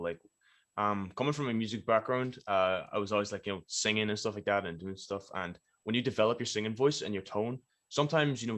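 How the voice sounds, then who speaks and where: A man's voice: lowish voice, a bit bright. A young man with a Donegal Irish accent, a rapper chatting as a guest and laughing easily. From Ireland. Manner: laid-back, laughs easily, quick rambling answers. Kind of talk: casual interview chat.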